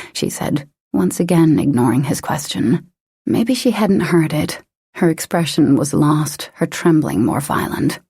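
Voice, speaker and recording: A woman narrating an audiobook in a steady, measured reading. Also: sits low, vocal fry, husky, dry recording, studio quality. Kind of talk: scripted narration.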